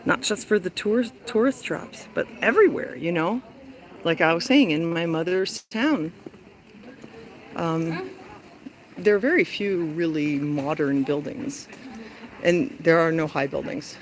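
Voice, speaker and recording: A woman's voice: lowish voice, lively intonation, measured pace, slight background noise. Chatty woman vlogging on an uphill walk. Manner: chatty, breathless from climbing, yawning. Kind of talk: walking travel vlog. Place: outdoors in a hilly lakeside town.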